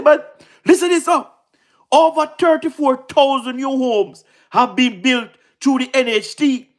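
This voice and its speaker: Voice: high-pitched, fairly bright tone. A speaker with a Jamaican accent delivering a casual political monologue, fervent and repetitive, mixing patois with standard English and checking in with the listener again and again. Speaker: political commentator.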